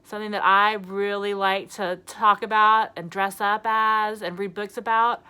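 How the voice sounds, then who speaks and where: A young woman teaching a lesson to small children, speaking slowly, clearly and with lots of encouragement. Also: mid-range voice. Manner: animated, encouraging, slow and clear. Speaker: preschool teacher.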